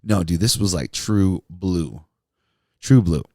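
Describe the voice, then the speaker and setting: A man's voice: low voice, expressive, takes it slowly, a little mellow, no echo, clean studio sound. A man who hosts a podcast and used to be a radio DJ, telling stories in a laid-back way, laughing often and saying "dude" and "man". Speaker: podcast host, former radio DJ. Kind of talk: casual storytelling monologue.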